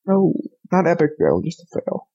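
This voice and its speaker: Reading listener mail on a gaming podcast he co-hosts, a young man jokes around and laughs a lot. His highish voice swoops wildly in pitch at normal speed with vocal fry, and the high frequencies are cut off.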